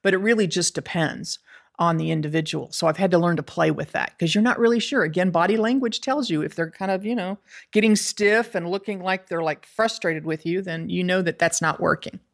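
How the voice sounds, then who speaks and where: Woman guest chatting about work, lowish voice, laughs a lot, easygoing. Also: brisk, gravelly. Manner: easygoing, laughs often, jokey. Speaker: guest, semiconductor negotiator. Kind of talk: casual interview chat.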